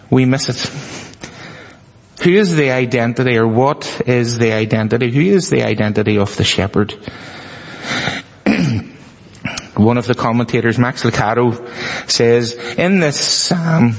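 A man's voice: mid-range voice, unhurried, creaky. A male preacher giving a sermon, repeating phrases for emphasis and joking with the congregation. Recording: long reverb of a hall.

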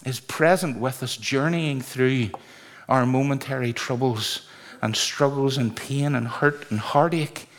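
A man with a medium-pitched voice and a measured pace preaches to his congregation in a large church. Earnest and conversational, he bursts into sudden exclamations during a sermon that features congregational singing, and the recording has the echo of a church hall.

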